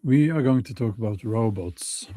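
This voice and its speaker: A man with a Norwegian accent hosting his own video, thinking aloud in halting sentences with many restarts. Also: mid-range voice, warm tone, dry recording. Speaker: vlog host. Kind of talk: casual spoken commentary.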